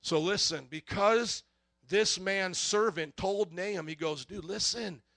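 A man preaching a sermon with a high, bright voice, reading scripture and breaking into casual asides. He calls on the congregation to repeat key words back to him. The sound is dry and close. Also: unhurried, vocal fry, no echo. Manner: energetic call-and-response, casual asides.

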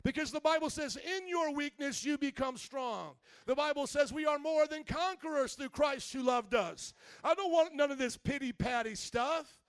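A man preaching an animated sermon, mimicking people and often rising to shouts. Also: very high voice, normal speed. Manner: animated preaching, mock voices, shouting at times. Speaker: pastor. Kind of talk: energetic sermon.

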